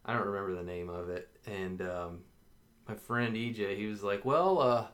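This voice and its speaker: A man's voice: on the low side, moderate pace. A man co-hosting a podcast, telling a story in casual chat and often laughing as he talks. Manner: animated, laughs often while telling stories. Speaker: podcast co-host.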